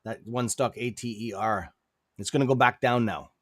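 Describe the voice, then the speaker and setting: In a casual market livestream, a man with a non-native English accent chats freely, repeats "okay?", and occasionally bursts out. His voice sits mid-range at a moderate pace, in a clean studio recording with no echo.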